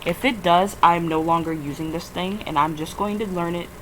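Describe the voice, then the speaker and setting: A woman's voice: lowish voice, normal speed, a little hiss or hum, low-quality recording. A tired woman rambling through a casual screen-recording vlog, swearing often and flaring into frustrated outbursts. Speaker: vlogger.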